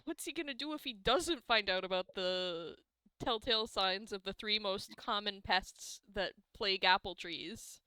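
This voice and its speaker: Woman game master, slow delivery, crisp clear voice, dry close sound, folksy teasing. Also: medium pitch, pushed and bright, no echo. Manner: laughs often, folksy teasing. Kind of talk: narrating a tabletop game.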